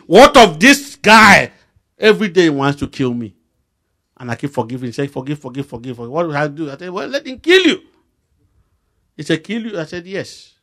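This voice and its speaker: Nigerian man, middle-aged preacher, higher voice, big swings for emphasis in storytelling sermon. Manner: animated storytelling with voice rising sharply for emphasis.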